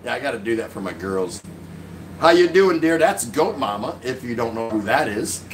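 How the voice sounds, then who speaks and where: A man's voice: medium pitch, expressive, moderate pace, slight background noise. A man in his sixties hosting a casual live stream from his couch at home, reading viewer comments aloud and joking with a chuckle. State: drinking beer while talking.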